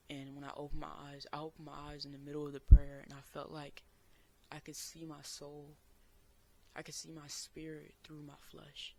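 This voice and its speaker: A young man earnestly telling a personal story as a vlogger, sometimes bursting out loud. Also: on the high side, slight background noise. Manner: earnest, emotional retelling with loud outbursts.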